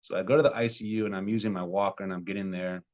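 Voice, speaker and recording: Young male coach in his twenties, lowish voice, muffled lo-fi audio, storytelling that flares loud. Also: rapid-fire. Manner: emotional, animated retelling with sudden loud peaks. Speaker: love coach. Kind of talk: personal storytelling.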